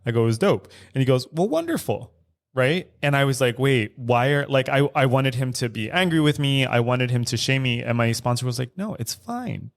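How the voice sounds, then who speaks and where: A man's voice: medium pitch, a little fast, hardly any pauses. A man in easy podcast conversation, telling a frank story about his own life. He acts out the people he quotes, fills his lines with "like" and swears freely. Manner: animated storyteller acting out quoted dialogue, frequent "like" and swearing. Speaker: podcast co-host. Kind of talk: candid casual chat. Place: studio recording.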